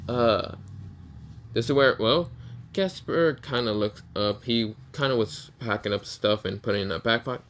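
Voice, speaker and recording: A man's voice: medium pitch, normal speed, a bit bright, a little hiss or hum. A man narrating an improvised fan story, full of fillers and restarts. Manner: hesitant, many fillers and restarts.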